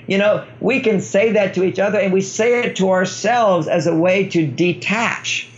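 An older man whose voice sits high speaks at a normal speed with few pauses. He's a relationship author appearing as an interview guest, explaining his ideas and acting out quoted dialogue, heard through dull lo-fi sound.

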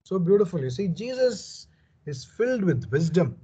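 A man's voice: sits high, very animated, moderate pace, mellow, breathy edge, low-quality recording. A man giving a verse-by-verse Bible commentary, reading passages and explaining them earnestly and emphatically, often saying "you know". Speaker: Bible teacher.

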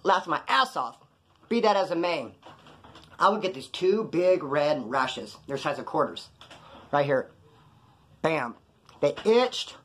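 This Californian jail-story teller has a fairly high, sing-song, fairly bright voice and speaks slowly with long pauses. His casual storytelling is rambling and profane, with him acting out what other people said.

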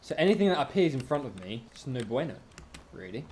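A streamer giving excitable let's-play commentary, taunting enemies in the game. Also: mid-range voice, brisk. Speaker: gaming streamer.

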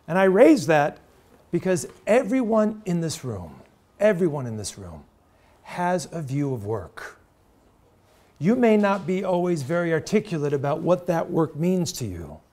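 A man's voice: a little high, a little mellow. A middle-aged man from the United States, giving a university talk to students in an earnest, storytelling way with direct questions to the audience. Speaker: lecturer. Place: lecture room.

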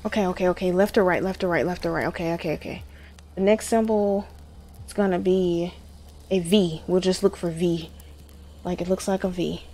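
A woman's voice: lowish voice, fairly even intonation, normal speed, dark tone. A woman commentating her own horror game playthrough, jumpy and exclaiming, talking to herself and her viewers. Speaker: gamer. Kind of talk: horror let's play commentary.

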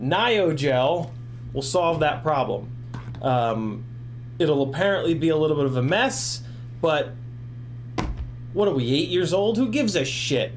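Tipsy, rambling forties man hosting a casual stream; slightly raised pitch, light background hum. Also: expressive, unhurried, pauses often. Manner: rambling, profane, ranting, laughs often. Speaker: FPV drone livestream host. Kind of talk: casual livestream chat.

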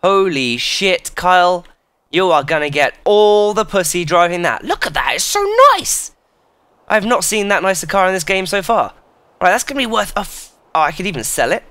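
A man giving excitable, sweary commentary while playing a video game. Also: fairly quick, smooth, no echo. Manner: excitable, swears a lot, jumps in pitch. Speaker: gaming YouTuber. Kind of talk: casual let's play commentary.

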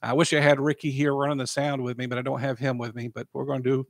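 A man's voice: medium pitch, level tone, fast talker, no room sound, clean studio sound. A man, a pastor talking on his podcast and praying, emotional and often repeating praise. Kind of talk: podcast sermon and prayer.

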